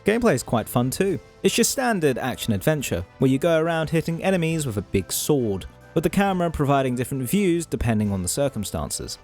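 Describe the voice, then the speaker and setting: A man's voice: medium pitch, darkish tone. A man from Europe hosting a scripted video essay, narrating with wry, self-deprecating asides.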